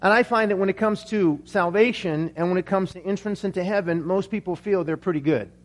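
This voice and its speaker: A man's voice: high voice, a little fast. A man preaching a sermon as pastor, praying and speaking earnestly with frequent restarts.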